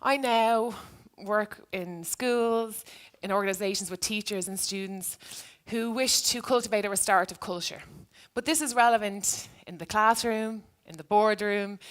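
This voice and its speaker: A woman's voice: mid-range voice, fairly bright tone. A woman who used to be a teacher, giving a reflective talk to an audience and telling a story from her classroom. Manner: earnest, reflective. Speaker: speaker, former teacher.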